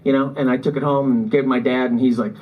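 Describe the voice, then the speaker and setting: A fast-talking man with a steady, mid-range voice and a Midwest American accent tells rambling, self-deprecating stories onstage at a comedy club with a live audience. The live recording is narrow and tinny, with audience laughter in the background.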